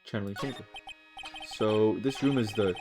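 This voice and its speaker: A man's voice: fairly low pitch, normal speed, over music, pitched below the performer's own voice, close to an everyday voice. A man voicing a wry young male lawyer in his own near-everyday voice, reading game dialogue aloud on a stream. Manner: dry, wry, understated.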